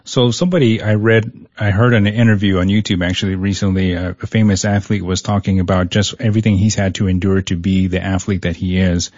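A man's voice: low-pitched, fairly even intonation, fast talker, few pauses, a little mellow, no echo, highs cut off. A man guest in an interview, telling a personal story in an earnest way, often repeating words. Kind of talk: conversational interview.

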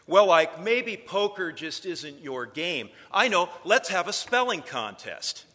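A man voicing a calm, witty gunslinger at a card table, delivering a mocking put-down with cool understatement. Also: high-pitched, slow, in a large hall, voice pushed up, heavily acted. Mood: dry mockery.

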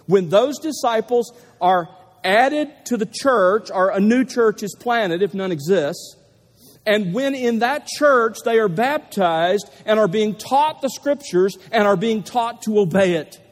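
A man preaching a sermon to a gathering, speaking emphatically and leaning hard on repeated key phrases. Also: sits high. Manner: emphatic, building to stressed repetitions. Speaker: pastor. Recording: long reverb of a large hall.

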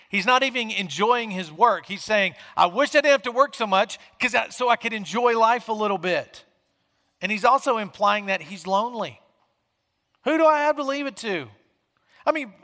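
A male pastor preaches in a casual, talky way, dropping low and quiet, then pushing up loud when he acts out the questions people ask. His voice sits high and sounds bright and forward. It rings out with a long reverb in the church hall. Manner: conversational, acts out quoted questions with shifting volume. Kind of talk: sermon.

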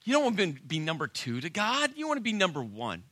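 A sly serpent , as a preacher puts him on, coaxes in a high, mocking, wheedling voice. He sounds bright and loud and is heard dry and close. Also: huge pitch swings, fast talker, no room sound, full character voice. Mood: coaxing. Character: sly sarcastic male serpent, coaxing tempter. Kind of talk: sermon retelling with acted voice.

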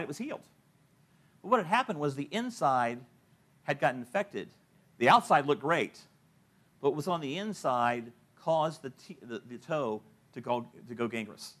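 A middle-aged male pastor with a medium-pitched voice preaches a sermon full of stories. He acts out the people he quotes and often laughs at his own points.

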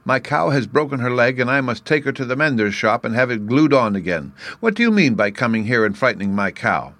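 A man voicing an indignant young china milkmaid in a storybook reading, pitched well above his own voice. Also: big pitch swings, fairly quick, a bit bright, no room sound. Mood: angry. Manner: scolding, indignant.

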